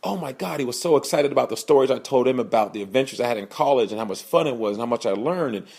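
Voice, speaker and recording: A young man hosting a podcast, telling a personal story in an earnest, animated way and voicing the people in it. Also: quick pace, gravelly, slightly rough. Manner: earnest, animated, acts out quoted voices with raised pitch. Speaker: podcast host, sales speaker.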